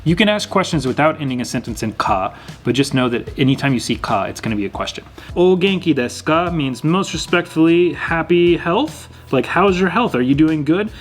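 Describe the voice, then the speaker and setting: A young man teaching a language lesson, patiently repeating words slowly and clearly. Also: a little high, expressive. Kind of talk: explaining lesson.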